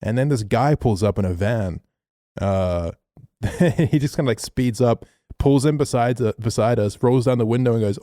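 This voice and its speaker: A man's voice: mid-range voice, moderate pace, no echo, studio quality. A young man on a podcast, telling a story casually and swearing often. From Australia. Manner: animated storyteller, swears a lot. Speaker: podcast co-host.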